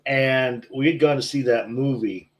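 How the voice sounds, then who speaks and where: A man's voice: mid-range voice, moderate pace, a little hiss or hum. A man chatting casually, telling a story with some hesitation. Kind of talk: casual chat.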